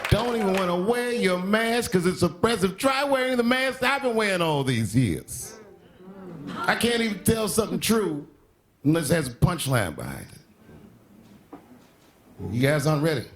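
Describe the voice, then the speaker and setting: Guy doing standup, voice bouncing all over, a bit high, crowd laughing on a tv broadcast. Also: very animated, normal speed, long pauses, a little hiss or hum. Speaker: stand-up comedian. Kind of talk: stand-up monologue. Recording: TV broadcast with live audience laughter. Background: studio audience laughing.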